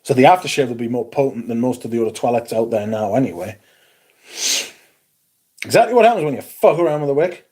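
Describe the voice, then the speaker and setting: Hosting a casual livestream, a fortyish man from Newcastle with a Geordie accent reads chat aloud, blunt, sweary, and dryly sarcastic. He speaks fast and expressively with frequent pauses, in a mid-range voice with a darkish tone and a breathy edge.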